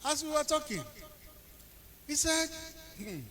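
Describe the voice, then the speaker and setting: A middle-aged man with a Nigerian accent giving a public speech, telling anecdotes and swinging between quiet asides and loud, emphatic bursts. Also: extremely high pitch, lively intonation, moderate pace. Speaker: presidential aide speaking at an event.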